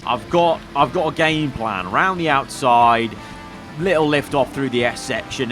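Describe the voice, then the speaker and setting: A young man commentating his own racing game play, swinging from low muttering to excited shouting. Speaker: gaming YouTuber.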